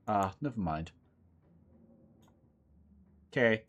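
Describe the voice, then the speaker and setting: A man's voice: lowish voice, very animated, moderate pace, long pauses, slightly rough. A young man casually commentating and reading aloud a horror game, playful and rambling, often mocking himself. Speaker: let's play host.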